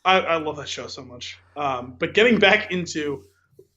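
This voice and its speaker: Bright-voiced man rambling on a podcast. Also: fairly high pitch, lively intonation, moderate pace, muffled recording. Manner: rambling, filler-heavy storytelling with frequent "like" and "um". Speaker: podcast co-host. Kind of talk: casual podcast chat.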